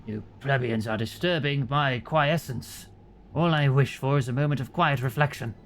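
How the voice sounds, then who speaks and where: A man voicing a pompous male walrus in a game, speaking slowly with lofty, grandiose diction. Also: medium pitch, slight background noise, natural voice. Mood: haughty. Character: pompous male walrus who loves Latin.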